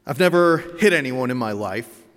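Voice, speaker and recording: Man, pastor, sermon, dry self-mocking humor, out of breath, mid pitch, long reverb. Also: expressive, normal speed, fairly bright tone. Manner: wry, self-deprecating storytelling. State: a little out of breath. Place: church sanctuary.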